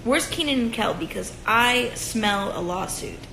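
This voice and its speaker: Young woman, profane sarcastic rant, high-ish voice with vocal fry, phone livestream from home. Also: animated, a little slow, pushed and bright, slight background noise. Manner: profane, sarcastic ranting with sung asides. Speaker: livestream host. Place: room at home. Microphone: phone at arm's length. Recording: echoey room on a phone stream.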